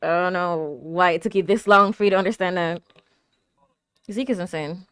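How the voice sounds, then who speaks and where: A young woman casually commenting on a show as she watches, chatty and quick to exclaim and talk back at the screen. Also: lowish voice, fairly bright tone, smooth, no room sound. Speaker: anime reaction host.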